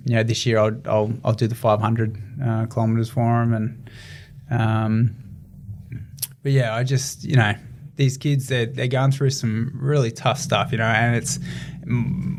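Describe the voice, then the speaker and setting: A young adult man with an Australian accent, talking earnestly in a casual interview with many fillers and restarts. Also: mid-range voice. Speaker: guest, ultramarathon runner.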